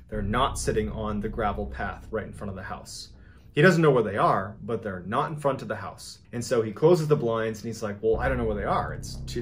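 A man narrating a true scary story, building tension step by step with a mid-pitched voice. A faint hiss sits under the recording.

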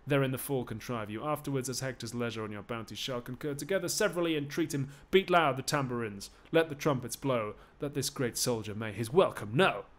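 A man's voice: medium pitch, brisk, few pauses, lightly acted. A man reading Agamemnon, a ceremonious Greek general proclaiming orders, in a live-streamed Shakespeare reading. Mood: commanding.

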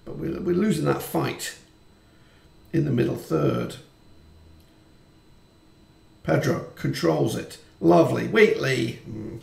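A man commentating on his football management game, chatty and quick to swear when frustrated. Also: a little high, vocal fry, darkish tone, roomy sound. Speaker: gaming YouTuber. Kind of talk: let's-play commentary.

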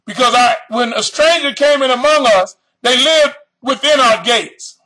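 A male preacher delivering a fiery sermon, reading scripture slowly and then breaking into shouted emphasis as he questions his listeners. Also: very high-pitched, poor audio. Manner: addresses the audience directly with questions.

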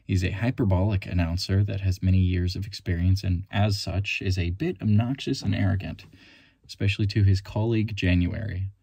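A man's voice: sits low, fairly even intonation, fairly quick, vocal fry, mellow, husky, no echo. A young man talking casually in a vlog about his day and voice-acting auditions. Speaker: vlogger and voice actor.

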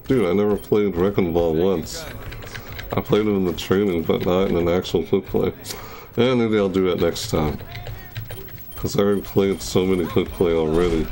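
A man giving casual gameplay commentary, excitable, laughing often and yelping high when thrilled. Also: moderate pace, soft background music. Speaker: gaming video creator.

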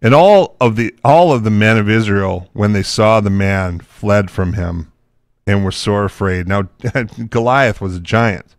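A man's voice: lowish voice, a little slow, dry recording, clean studio sound. A man teaching from the Bible, reading scripture aloud and breaking into casual, chatty asides.

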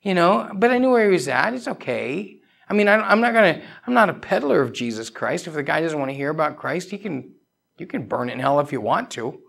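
A man's voice: a little high, sing-song, fairly quick, vocal fry, a bit bright. A man preaching a conversational sermon as pastor of a church, pressing questions on the congregation and telling personal stories. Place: church sanctuary.

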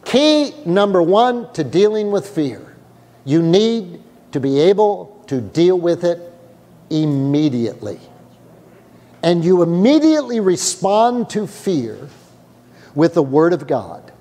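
A man preaching a sermon as pastor, animated, often acting out the voices of frightened people. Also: high-pitched, slow pace, in a large hall. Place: church sanctuary.

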